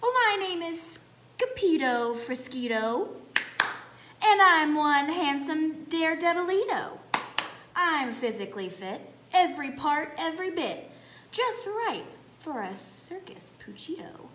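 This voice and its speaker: Boastful kitten boy, high and playful, sing-song flourishes, read by a woman, roomy echo. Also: wildly swooping pitch, slow, hardly any pauses, exaggerated voice. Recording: echoey room, faint background hum.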